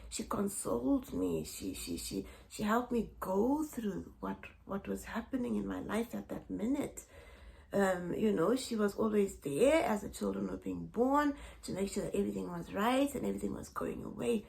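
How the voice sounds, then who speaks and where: A middle-aged woman from Zimbabwe, a vlogger, tells heartfelt family stories to camera, repeating phrases and often laughing or tearing up. She speaks at a normal pace in a medium-pitched voice that's creaky and a little mellow.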